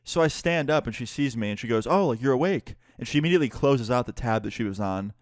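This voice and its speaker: A young YouTuber casually retells a personal story for his channel, candid and cursing freely. His mid-range voice moves with lively intonation at a fast clip, captured in a dry, studio-quality recording.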